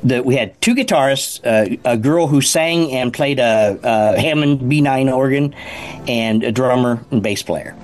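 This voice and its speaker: An older man and former band musician telling a casual, animated story, rambling with frequent restarts. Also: mid-range voice, a little slow.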